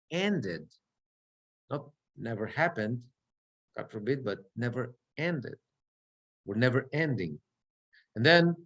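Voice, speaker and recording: A middle-aged man teaching prayer chant as a cantor, explaining step by step and breaking into short chanted phrases. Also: mid-range voice. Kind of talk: relaxed class explanation with sung examples.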